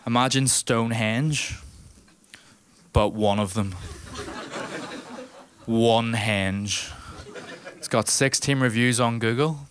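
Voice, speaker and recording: A man's voice: medium pitch, slow, pauses often, a bit bright. A man with a Northern Irish accent doing a stand-up comedy set in a small live room, brash and teasing the crowd. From Northern Ireland.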